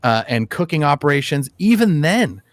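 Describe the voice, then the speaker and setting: A man hosting a casual voice-chat debate, telling stories fast and saying "dude" a lot. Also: fairly high pitch, big pitch swings, dry recording. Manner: fast storyteller, acts out quotes, says "dude" a lot. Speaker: host. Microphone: headset or desk mic on a voice call.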